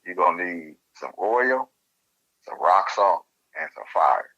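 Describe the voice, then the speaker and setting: A calm, matter-of-fact female store boss, as a man quotes her in a low, bright voice. She explains things flatly, without any fuss. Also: takes it slowly, highs cut off, heavily acted.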